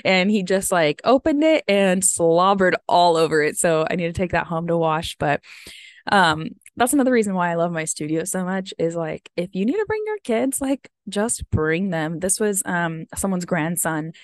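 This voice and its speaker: In her thirties and from the United States, this vlogger talks at a normal speed in a lowish, animated voice with no room sound. Her casual, rambling chat is peppered with "um" and "like," and she sounds a bit sniffly after crying.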